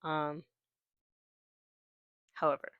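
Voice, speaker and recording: A woman's voice: low-pitched, level tone, drawn-out words, clear, resonant tone, no room sound, muffled recording. A woman chatting casually about her reading list, rambling and correcting herself with lots of fillers. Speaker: booktuber. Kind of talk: casual chat about books.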